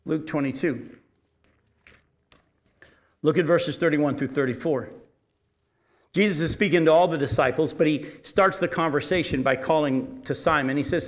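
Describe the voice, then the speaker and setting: A man teaching a Bible study in an animated, emphatic way. He asks the audience questions and answers them himself. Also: a little high, moderate pace. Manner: animated, emphatic preaching with sudden loud rises and quiet drops.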